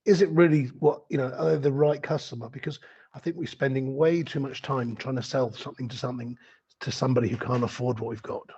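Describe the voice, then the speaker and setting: Husky man asking halting questions. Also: medium pitch, steady tone, darkish tone. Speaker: interviewer. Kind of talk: interview questions. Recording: dull lo-fi recording.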